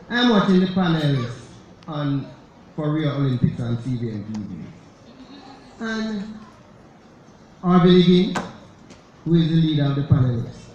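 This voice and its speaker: Jamaican lay preacher in an echoing church. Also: male voice, a little high, a little mellow, a little hiss or hum. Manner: emphatic, rhetorical questions to the congregation. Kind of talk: sermon. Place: church sanctuary. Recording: very echoey church, dull sound.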